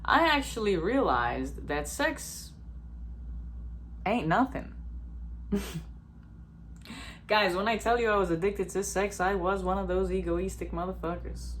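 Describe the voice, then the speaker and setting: A woman's voice: mid-range voice, lively intonation, measured pace, long pauses, a little hiss or hum. A woman vlogger giving a blunt, profane, emphatic self-help monologue.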